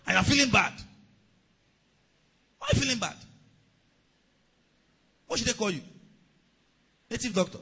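High-pitched, husky preacher man. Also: animated, moderate pace, long pauses, low-quality recording. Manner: preaching with call-and-response, rising to shouts. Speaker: pastor. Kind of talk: sermon.

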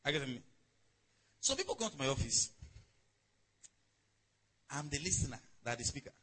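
A man's voice: on the high side, big pitch swings, normal speed, bright, forceful tone, husky, low-quality recording. A man preaching a sermon in a conversational way, calling on the congregation to respond. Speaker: pastor.

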